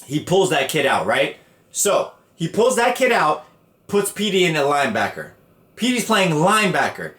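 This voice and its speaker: Profane animated man ranting. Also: a little high, moderate pace, reverberant. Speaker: podcast host. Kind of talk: casual storytelling rant.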